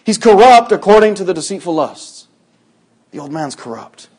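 A man preaching a conversational sermon to a congregation, acting out quoted voices in sudden loud bursts. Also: high-pitched, sing-song, moderate pace.

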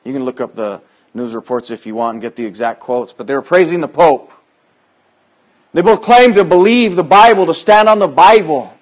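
This pastor's sermon moves at a moderate pace, trading emphatic lines that are loud and high-pitched for quiet, low-voiced asides.

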